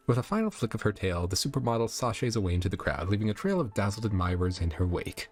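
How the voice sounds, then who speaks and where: A man's voice: lowish voice, sing-song, fast, hardly any pauses, a little mellow. A man reading a text adventure aloud, slipping into chuckling offhand asides. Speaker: storyteller running a text adventure. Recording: faint background music.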